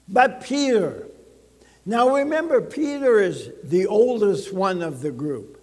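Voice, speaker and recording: Very animated, a pastor preaches from a church sanctuary at an unhurried pace, his voice pitched high for a man. He drives his points home emphatically and checks in with the congregation, the sound washed in long hall reverb.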